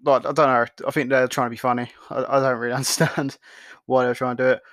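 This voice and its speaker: A man's voice: medium pitch, level tone, fast talker, fairly bright tone, dry recording, clean studio sound. A man hosting a podcast, recapping fights in casual, blunt talk full of swearing and fillers. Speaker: podcast host.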